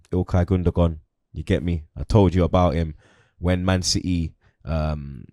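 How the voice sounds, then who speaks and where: A man's voice: deep voice, dark tone, no echo, studio quality. Slangy young man talking football. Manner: slangy, repeats "you get me" and "blood". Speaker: host. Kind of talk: casual football chat.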